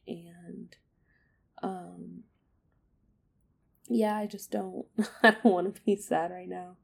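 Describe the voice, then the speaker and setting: Slow, gravelly-voiced young woman. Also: lowish voice, little pitch movement, a little mellow. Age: young adult. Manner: candid, emotional, many fillers and hesitations. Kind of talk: personal storytelling monologue.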